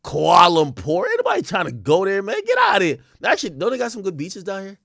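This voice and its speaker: A man hosting a casual livestream talks in a loose, profane way, and his pitch swings widely. His voice sits a little high for a man and jumps up for sudden loud outbursts. The sound is close and dry, with no room around it. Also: wildly swooping pitch, fast, gravelly, no echo. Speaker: livestream host.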